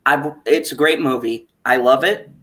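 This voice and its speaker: A man in his thirties hosting a casual chat stream, animated and profane, laughing often as he talks. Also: mid-range voice, normal speed. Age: 30s. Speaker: stream host.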